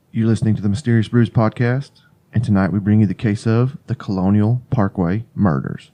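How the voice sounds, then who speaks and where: A man's voice: lowish voice, steady tone, brisk, warm tone, faint music behind. A man co-hosting a true crime podcast, reading listener reviews and trading wry, sometimes profane jokes. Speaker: podcast co-host. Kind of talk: casual podcast chat and intro narration.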